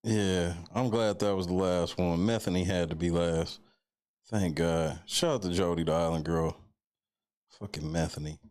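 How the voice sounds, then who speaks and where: A man's voice: low-pitched, fairly even intonation, moderate pace, darkish tone. A man hosting a reaction show and mocking the clip with crude jokes. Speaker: host reacting to clips. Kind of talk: casual reaction commentary.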